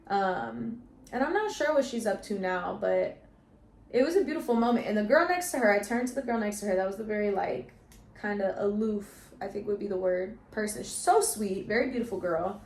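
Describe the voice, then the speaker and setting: A woman's voice: medium pitch, animated, brisk, darkish tone. A young woman vlogging from her bedroom in a chatty, storytelling way, full of slang. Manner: chatty, storytelling, uses slang like "y'all" and "you feel me". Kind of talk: casual vlog chat. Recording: echoey room.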